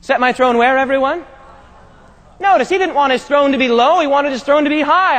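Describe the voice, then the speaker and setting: A man with a strikingly high voice preaches a sermon, often pausing to ask the congregation to fill in a word. His delivery swings from loud, urgent emphasis to low, hushed tones. The sound carries a long reverb, as if recorded in a large hall. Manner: call-and-response questions to the congregation.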